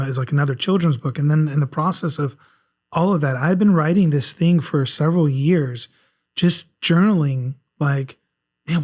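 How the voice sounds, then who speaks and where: A man in his forties from South Carolina with a faint Southern accent, speaking candidly as a guest on a casual podcast with many restarts. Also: on the high side. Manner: rambling, frequent restarts, candid and self-reflective. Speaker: guest author.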